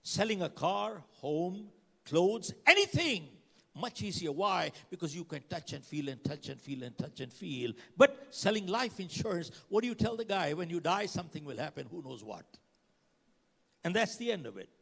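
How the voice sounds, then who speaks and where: Older guy, big swooping delivery, gravelly, hall echo. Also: high-pitched, sing-song, normal speed, bright, forceful tone. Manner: dramatic storytelling, acts out dialogue, asks the crowd questions. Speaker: motivational speaker. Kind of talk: keynote speech to a live audience. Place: conference hall. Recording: reverberant hall sound.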